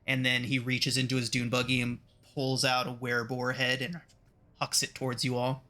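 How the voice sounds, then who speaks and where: A male game master narrating a tabletop role-playing session. He describes the scene in a measured, unhurried way. His voice is bright and ringing at a middle pitch. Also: completely flat delivery.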